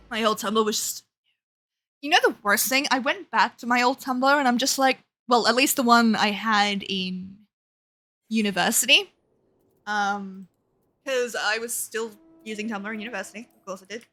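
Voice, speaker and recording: High, bright, profane woman streamer. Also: moderate pace, soft background music. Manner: swears a lot, reacts out loud. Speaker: game streamer. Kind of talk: casual gaming commentary.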